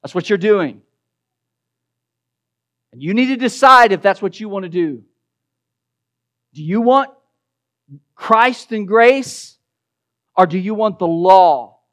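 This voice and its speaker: Emphatic high-voiced male preacher. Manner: emphatic, repeats words when stressing a point, drops to a quiet low voice for key verses. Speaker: pastor. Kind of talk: expository sermon.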